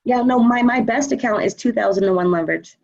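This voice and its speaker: A woman's voice: fairly high pitch, fast, gravelly, darkish tone, dull audio, slight background noise. A woman trading coach answering questions in a casual live chat, confident and chatty with plenty of fillers.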